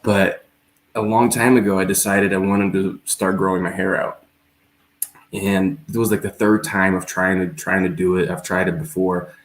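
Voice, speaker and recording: A man's voice: low voice, steady tone, moderate pace. A man hosting a talk show, speaking earnestly and reflectively as he tells a personal story in a casual discussion. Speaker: show host. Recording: roomy echo.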